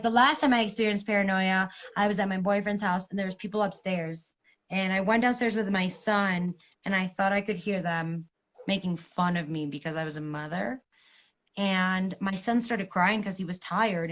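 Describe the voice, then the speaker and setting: A woman in her thirties, a guest speaking candidly and frankly over a remote video call, telling personal stories with animated, profane language. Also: medium pitch, normal speed, dull audio. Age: 30s. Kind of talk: candid conversational storytelling.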